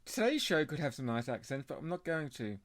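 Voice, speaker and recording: A man co-hosting a beer podcast in casual chat, chatty and quick to laugh. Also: on the high side, big pitch swings, a bit bright, no echo, studio quality. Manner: chatty, laughs often, puts on joke accents. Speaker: podcast co-host.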